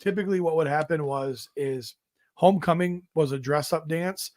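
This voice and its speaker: A man's voice: on the high side, normal speed, a little mellow, dry recording, studio quality. Joking man with a raised voice. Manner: joking interjections and wry asides. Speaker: podcast co-host. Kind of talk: casual chat.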